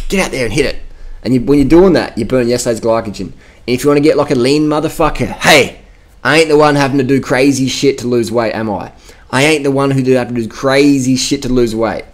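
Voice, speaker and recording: Male vlogger, mid-pitched voice, brash and profane rant delivery. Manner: profane, emphatic, boastful. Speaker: cycling vlogger. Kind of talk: casual vlog rant.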